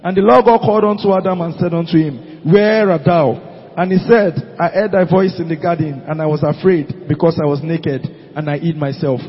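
A man reading scripture aloud during a church service, steady and measured, with an occasional slip. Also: sits high, husky. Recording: dull, lo-fi recording in a reverberant hall.

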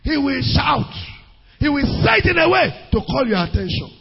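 A man preaching a sermon, calling out to his congregation, rising into sing-song shouts. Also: extremely high pitch, big pitch swings, normal speed, gravelly. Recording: muffled hall recording with long reverb.

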